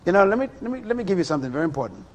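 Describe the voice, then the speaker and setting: Middle-aged male preacher, animated sermon, rhetorical questions, lively pitch. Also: very fast.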